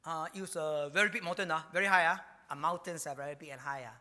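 A man preaching a sermon in a church hall. He talks in an animated way and ends many phrases with a drawn-out "ah". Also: a little high. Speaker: pastor. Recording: long reverb of a hall.

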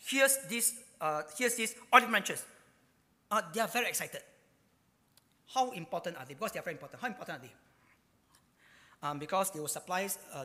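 A man's voice: sits high, big-room sound. A man preaching a sermon, asking rhetorical questions and telling stories with many fillers. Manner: animated storytelling, rhetorical questions, frequent fillers.

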